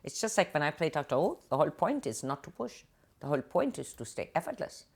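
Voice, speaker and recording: Older actress guest, deep low voice, expressive storyteller. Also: female voice, fast, slightly rough. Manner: animated, acts out quotes in different voices. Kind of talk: interview storytelling. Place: TV studio.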